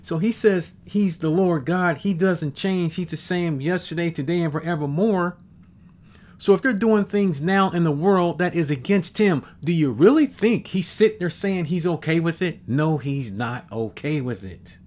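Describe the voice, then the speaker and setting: A man in his fifties preaching a sermon, reading scripture slowly and emphatically, repeating verses and adding exclamations. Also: a little high, a little mellow.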